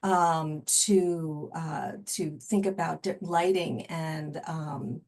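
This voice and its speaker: Thoughtful woman coach, slightly low voice. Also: steady tone, very slow, a little mellow. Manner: reflective, thoughtful, many fillers. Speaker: creativity and innovation coach, podcast guest. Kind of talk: casual interview conversation.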